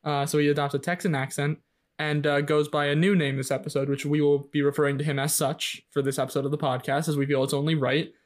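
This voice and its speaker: Chatty young man with a higher voice. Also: little pitch movement, fast. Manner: chatty, self-deprecating, steers the talk. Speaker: podcast co-host. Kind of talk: casual chat.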